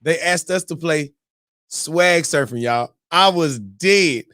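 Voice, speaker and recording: A man hosting a morning show, telling a story in a loose, animated way, whooping and mimicking crowd voices. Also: a little high, slow pace, dry recording. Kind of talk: casual storytelling.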